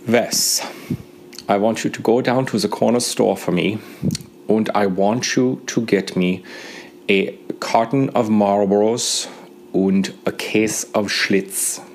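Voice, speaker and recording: A man voicing an eccentric German mechanic with a thick German accent and slow, heavy enunciation. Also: lowish voice, steady tone, slight background noise. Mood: commanding. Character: eccentric German mechanic man, gruff, fond of beer and cigarettes.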